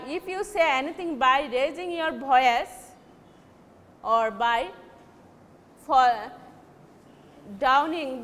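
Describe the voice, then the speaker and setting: A woman teaching a recorded lesson in a high, slow, careful voice, often restarting or correcting herself mid-sentence. The recording has a long echo, like a large hall, with faint background noise. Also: a bit bright. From Bangladesh.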